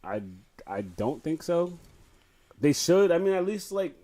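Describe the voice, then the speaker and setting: A man's voice: fairly high pitch, sing-song, dark tone. A young man co-hosting a podcast, talking in casual slang and swearing freely. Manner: rapid, slangy, profane. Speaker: podcast co-host.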